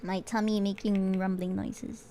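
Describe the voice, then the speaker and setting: Slow-talking playful woman streamer. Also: medium pitch, little pitch movement, mellow, a little hiss or hum. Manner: playful, swears casually, muses aloud to chat. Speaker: vtuber art streamer. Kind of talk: casual streaming chat while painting.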